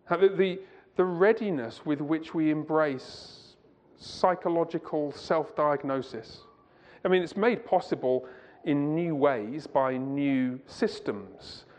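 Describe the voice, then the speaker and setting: A man's voice: fairly high pitch, takes it slowly, a little mellow, big-room sound. Man lecturing a church audience. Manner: conversational, asks the audience rhetorical questions, digresses. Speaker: Christian conference speaker. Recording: muffled lo-fi recording.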